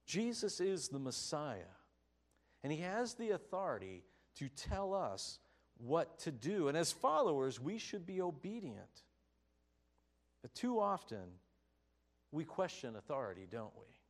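A man preaching a sermon, telling a story with animated, emphatic delivery. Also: medium pitch, measured pace. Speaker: pastor.

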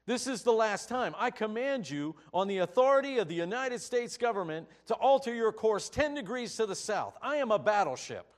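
Man putting on an angry sea captain, loud barked orders, raised pitch, slow delivery. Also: sing-song. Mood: shouting angry. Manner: barks orders over a radio, growing louder. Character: stern male ship captain, commanding and short-tempered.

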